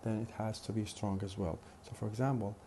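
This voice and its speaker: A man's voice: on the low side, fairly even intonation, a little fast, warm tone, a little hiss or hum. A man teaching a phonetics lesson in a methodical way, with many fillers and repeated examples. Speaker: phonetics lecturer. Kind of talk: recorded lecture.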